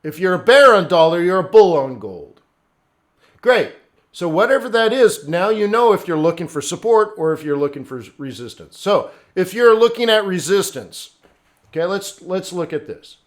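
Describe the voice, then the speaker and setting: A man's voice: high-pitched, very animated, moderate pace. A middle-aged man hosting a live trading stream, talking bluntly and conversationally as he answers viewers by name. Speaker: forex trading livestream host.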